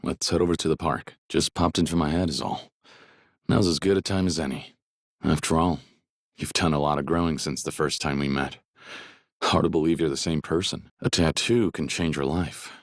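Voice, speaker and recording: An actor playing a stoic, kind middle-aged ex-yakuza in a video game, speaking plainly and steadily. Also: male voice, moderate pace, no echo, studio quality. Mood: calm. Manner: plainspoken, steady, low-key.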